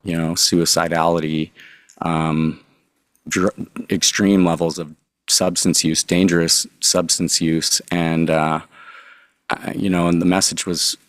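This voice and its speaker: A man with a very low, level voice recounts his own story for an interview, earnest and halting, pausing to gather his words. The sound is dry and close, with no room around him. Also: level tone, no room sound. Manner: earnest, halting confessional telling. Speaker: guest, drug recovery consultant. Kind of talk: candid personal storytelling.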